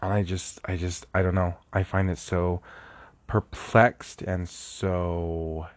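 Low, slow-talking sleepless young man. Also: little pitch movement, no echo. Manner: earnest, reflective and rambling, often restarting sentences. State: sleepless, recording early in the morning. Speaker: podcast host. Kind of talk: casual solo podcast monologue.

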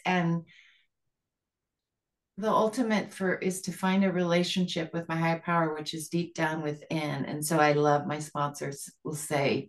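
Low-voiced woman sharing at a recovery meeting. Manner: rambling, earnest, many fillers. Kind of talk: sharing at a support group call.

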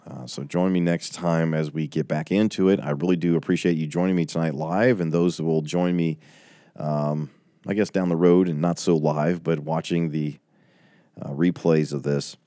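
Bible study teacher, man, forties, very deep, dry close sound, chatty and emotional. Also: fairly even intonation, normal speed, mellow, no echo. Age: 40s. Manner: chatty, reading out viewer comments. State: tearing up. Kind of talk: casual livestream Bible study wrap-up.

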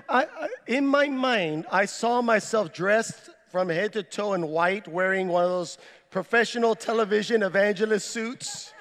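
A man delivers a sermon in a high, lifted voice, turning his testimony into a lively retelling. His words carry a long reverb, like a church sanctuary. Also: normal speed. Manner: animated storyteller, reenacts his own words. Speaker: preacher. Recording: echoey hall with long reverb.

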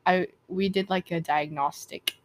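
A woman's voice: fairly low pitch, fairly even intonation. A young woman co-hosting a casual chat podcast, talking in a chatty way full of fillers. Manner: chatty, fast filler-heavy talk. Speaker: podcast co-host.

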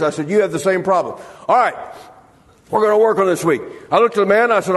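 A man's voice: sits high, animated, quick pace, big-room sound. A man preaching a sermon, telling humorous stories and acting out the voices of the people in them. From United States. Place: church sanctuary.

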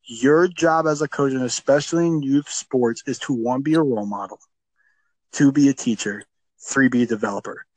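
A man talks casually about coaching, emphatic and quick to repeat himself when fired up. His voice sits at an ordinary pitch. The sound is dry and close, with no room around it. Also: a little mellow, no room sound, poor audio. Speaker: youth football coach, podcast co-host. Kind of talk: casual podcast chat.

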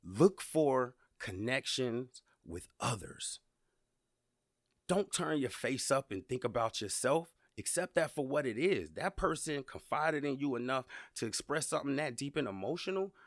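A man's voice: mid-range voice, expressive, normal speed, hardly any pauses, no echo, clean studio sound. A man hosting a podcast, talking in a casual, emphatic motivational monologue and often repeating words as he builds up. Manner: conversational, emphatic, repeats words when worked up. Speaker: podcast host.

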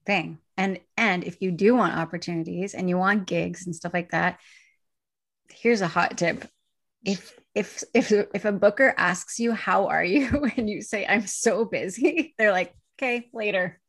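Chatty woman with a gravelly edge. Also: on the low side, a little slow, a bit bright. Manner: chatty, laughs often, acts out quoted lines. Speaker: podcast host. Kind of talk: casual chat.

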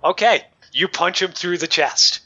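Male game master, wry measured narration, bright tone, dull lo-fi recording. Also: sits high. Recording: dull lo-fi mic.

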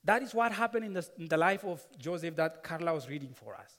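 A man's voice: a little high, expressive, fast talker, fairly bright tone. A man preaching a sermon, telling a personal story earnestly, repeating words and adding asides. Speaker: pastor. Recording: long hall reverb.

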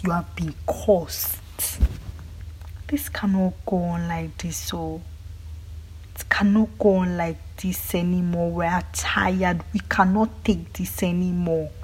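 A young Nigerian woman with a Nigerian accent, delivering an angry, emphatic monologue that often drops to a hushed near-whisper. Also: fairly low pitch, husky, poor audio. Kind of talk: impassioned monologue.

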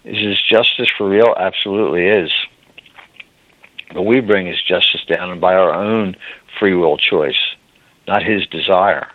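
A man's voice: sits low, unhurried, no echo. A man preaching a sermon, earnest, often addressing his listeners as beloved, choked up with emotion. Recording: dry, phone-like narrow sound.

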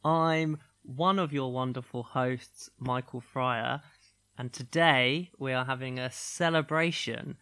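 A man's voice: medium pitch, steady tone, a bit bright, clean tone. A man co-hosting a casual podcast, teasing his co-host and laughing easily. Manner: playful teasing, quick laughs. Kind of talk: casual comedic chat.

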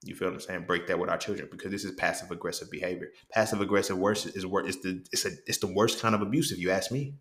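Low-voiced man in an echoey room, swearing a lot. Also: quick pace, few pauses. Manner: animated, profane, repeats "you feel me". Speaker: podcast host. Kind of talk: casual monologue.

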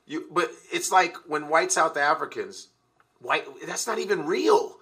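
A man's voice: a little high, animated, measured pace, bright, forceful tone. A man in a heated, casual conversation, ranting emphatically and swearing often. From United States.

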